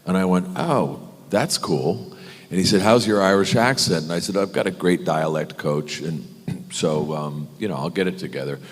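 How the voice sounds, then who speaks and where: A deep, low-voiced middle-aged American man spins stories for a convention crowd, slipping into quick impressions of other people and laughing along. His voice rings out with the long reverb of a big convention hall. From United States. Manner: animated storyteller, mimics others, laughs often. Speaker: convention panel guest. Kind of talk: telling anecdotes at a panel.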